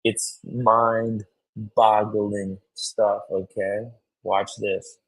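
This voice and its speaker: Male streamer, husky low voice, slow rambling chat, excitable, swears a lot. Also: rough recording. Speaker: streamer host. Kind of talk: casual live-stream chat.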